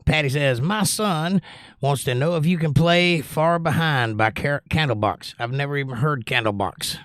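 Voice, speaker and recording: An older man hosts a music livestream, reading viewers' comments aloud with a casual, joking, animated manner. His voice is a little high and his pace moderate, recorded with studio quality and no echo.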